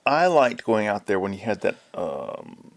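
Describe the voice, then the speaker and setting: A man in casual conversation, telling wry stories in a rambling way with halting restarts. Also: fairly low pitch, sing-song, gravelly. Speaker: podcast co-host. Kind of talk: casual chat.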